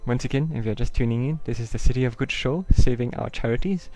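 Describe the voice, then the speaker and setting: Male host, warm dark tone, brisk and a bit halting between acts. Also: medium pitch, poor audio. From Singapore. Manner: quick, hesitant links with fillers. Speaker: show host. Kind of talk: live show hosting.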